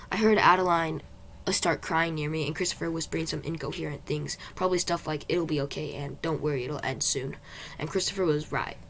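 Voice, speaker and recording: A woman narrating her own storybook in first person, in a lowish, gravelly voice. The delivery is plain with occasional restarts, and a faint hiss sits under the recording. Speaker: author reading own book.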